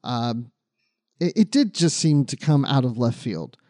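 A man co-hosting a casual book discussion podcast, chatty and quick to laugh. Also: medium pitch, big pitch swings, dark tone, no room sound, studio quality. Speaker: podcast co-host.

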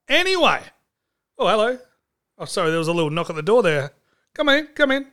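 Male podcast host, high and bright, goofy rambling monologue. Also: very animated, moderate pace, clear, resonant tone. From Australia. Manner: jokey, rambling, mock-dramatic. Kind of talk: comedic sports podcast monologue.

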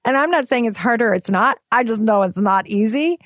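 A woman's voice: a little high, lively intonation, brisk, a bit bright, no echo, clean studio sound. A young woman, a new mother, speaking candidly and emotionally in a personal vlog.

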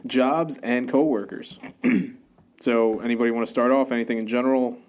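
A man's voice: mid-range voice, moderate pace, a little mellow. A man hosting a casual podcast, introducing his co-hosts and ribbing them playfully. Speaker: podcast host.

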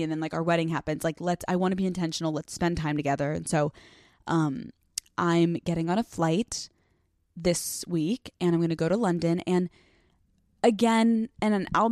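A young woman hosting a solo podcast, chatting casually and rambling fast with lots of filler words and swearing. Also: lowish voice, darkish tone, no echo, studio quality. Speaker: podcast host. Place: hot small room, dry sound.

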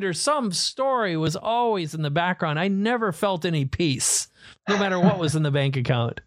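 A man's voice: high voice, moderate pace, no room sound. Man telling a story, dry close sound. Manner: animated storyteller, acts out quoted family voices. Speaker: podcast co-host. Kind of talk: casual storytelling.

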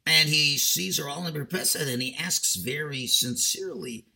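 Bright-voiced man telling a sermon parable. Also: fairly high pitch, moderate pace, gravelly. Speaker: rabbi. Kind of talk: sermon with storytelling.

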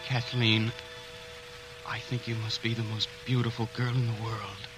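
An actor playing an earnest young American suitor in a 1940s radio drama, shy and stammering. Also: male voice, on the low side, level tone, a little slow, music in the background, lightly acted, low-quality recording. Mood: admiring.

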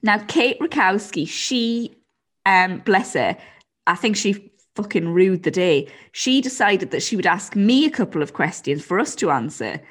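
A woman's voice: mid-range voice, expressive, unhurried. A woman hosting a podcast in casual chat, laid-back and teasing, laughing often and passing on listener messages. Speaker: podcast host.

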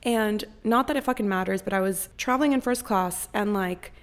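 A woman's voice: medium pitch, moderate pace. A young woman hosting a podcast, telling a story in casual chat, swearing freely and acting out other people's voices. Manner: profane and animated, acts out others' voices. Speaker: podcast host.

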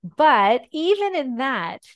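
A middle-aged woman who founded a ministry tells her faith story as a guest in a podcast interview, earnest and emotional, often slowing down and softening. Her voice sits high with big pitch swings, and the highs are cut off in the audio.

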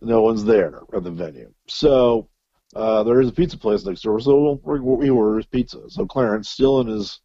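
A man's voice: on the low side, a little fast, mellow, no echo, dull audio. A man telling a long, profane story as an interview guest, full of fillers and restarts. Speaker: guest musician. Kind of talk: casual storytelling.

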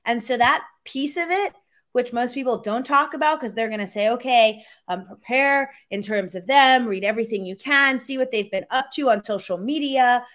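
A fairly high-voiced woman talks through sales advice as an interview guest. She tells stories with energy and jumps into little acted-out voices when she quotes people. Her delivery is conversational and animated. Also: normal speed.

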